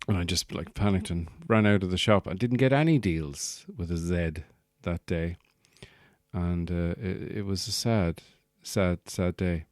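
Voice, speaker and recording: Irish man, very low voice, rambling jokey podcast monologue, dry close sound. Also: measured pace, darkish tone, no echo. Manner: rambling, jokey, slips into put-on accents. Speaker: podcast host and stand-up comedian. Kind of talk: casual comedic monologue.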